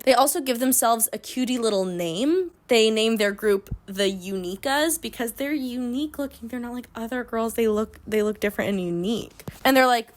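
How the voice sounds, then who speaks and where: Young female host, slightly high voice, snarky casual book recap. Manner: sarcastic, chatty, heavy use of "like". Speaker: book club channel host.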